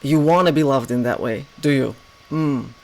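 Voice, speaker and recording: A man giving a spiritual teaching as a reflective monologue, posing rhetorical questions and dropping into soft asides. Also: medium pitch, normal speed, rough recording.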